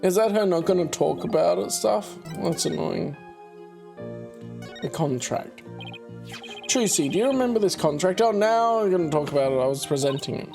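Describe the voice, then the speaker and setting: A woman's voice: lowish voice, lively intonation, moderate pace, vocal fry, over music. A woman chatting casually as she plays a game, reading its text aloud with wry remarks. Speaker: streamer playing a game. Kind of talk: casual let's-play commentary.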